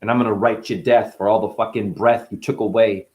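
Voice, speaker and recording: A man's voice: lowish voice, fairly even intonation, brisk, a little mellow. A man rapping a rambling, boastful freestyle full of puns and profanity. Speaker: freestyle rapper. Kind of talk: freestyle rap.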